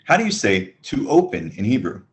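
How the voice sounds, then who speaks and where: A man teaching a beginners' Hebrew webinar, slowly modelling words for students to listen and repeat. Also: lowish voice, wildly swooping pitch. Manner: slow, drilled listen-and-repeat prompts. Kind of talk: online language lesson. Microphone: webinar microphone.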